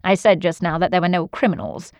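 A woman's voice: on the low side, fast talker, no room sound, studio quality, close to an everyday voice. A woman voicing Sherlock Holmes, an aloof Victorian detective, in a cool, offhand, lecturing manner.

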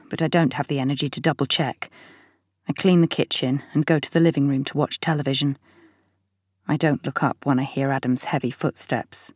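A middle-aged woman narrating a first-person audiobook in a measured, weary manner. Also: low-pitched, darkish tone, no echo, studio quality.

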